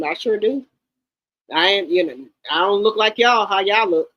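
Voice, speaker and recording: A woman in her fifties hosts a livestream, offering blunt, emphatic commentary and frequently repeating herself. Her medium-pitched voice is a little slow, and the dry recording has its high frequencies cut off.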